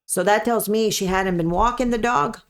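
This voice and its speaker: A woman's voice: mid-range voice, normal speed. A woman, a dog breeder, telling a story as a podcast guest in an earnest, emphatic way, often repeating her key points. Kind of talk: conversational storytelling.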